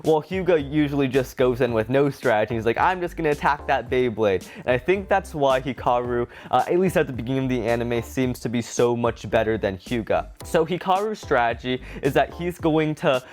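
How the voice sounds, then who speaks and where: A man's voice: medium pitch, lively intonation, a little fast, hardly any pauses, a little mellow, faint music behind. A man giving a casual, enthusiastic review of a cartoon episode. He fills his talk with "like" and often laughs as he speaks. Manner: chatty and enthusiastic, heavy use of "like"; laughs often while talking. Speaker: anime reviewer.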